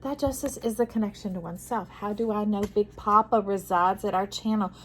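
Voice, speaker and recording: A woman giving an intuitive tarot reading to camera. She talks soothingly, calls the listener "friend", and moves between soft hushes and emphatic bursts. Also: medium pitch, fairly even intonation, a little fast, rough recording. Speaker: tarot reader.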